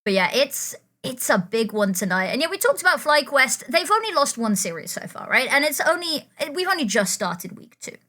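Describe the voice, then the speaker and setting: A woman's voice: sits high, big pitch swings, sharp tone. British woman casting an esports match. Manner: playful banter, quick play-by-play. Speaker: esports caster. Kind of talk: live esports commentary.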